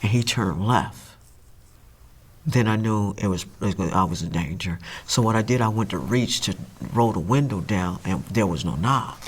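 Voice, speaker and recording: A woman telling a dramatic true story, acting it out with loud sound effects and checking in with "that makes sense?". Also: very deep voice, moderate pace, slightly rough. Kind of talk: animated story time.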